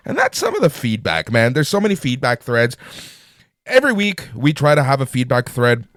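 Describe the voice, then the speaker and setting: A man co-hosts a casual podcast with a lively, swooping delivery, swearing freely and rambling between topics. His voice sits at a middle pitch and is recorded dry and close to the mic. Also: moderate pace, dry recording. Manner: animated, profane, rambling. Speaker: podcast co-host. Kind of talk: casual sports and wrestling chat.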